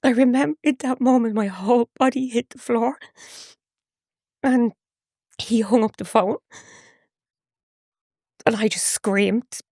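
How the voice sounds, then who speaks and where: A woman, a podcast guest telling a personal story in a halting, emotional way with frequent restarts. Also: a little high, warm tone, no room sound, clean studio sound.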